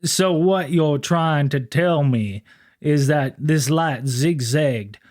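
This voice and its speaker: A man voicing an overly polite, formal male police officer who speaks in slow, stiff, courteous phrasing. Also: a little high, darkish tone.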